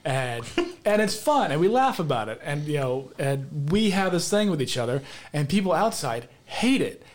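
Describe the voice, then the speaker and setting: A man's voice: very animated, moderate pace. A man chatting casually on a podcast, telling brash stories full of swearing and jokes, mimicking other people along the way. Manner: brash storytelling, swears freely, mimics people in higher voices. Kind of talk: casual chat.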